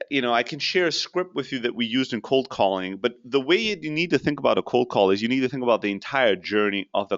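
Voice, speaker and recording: Blunt animated man coaching sales. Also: medium pitch, highs cut off. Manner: blunt, animated, swears casually. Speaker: sales coach answering questions. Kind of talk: live Q&A teaching, casual.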